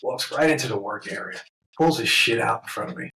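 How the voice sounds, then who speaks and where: A man's voice: mid-range voice, fairly quick, slight background noise, low-quality recording. A man with a New York accent, a tattoo artist guest swearing freely and laughing as he tells stories. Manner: profane, laughing, animated storyteller. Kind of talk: casual storytelling.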